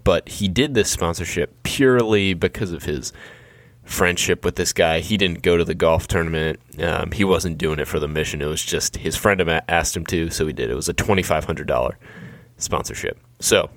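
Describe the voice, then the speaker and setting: A man in his thirties recounts a fundraising story in a relaxed, self-deprecating way. His voice is low, and the sound is dry and close with no room around it. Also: moderate pace, dry recording. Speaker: nonprofit fundraiser. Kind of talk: anecdotal storytelling.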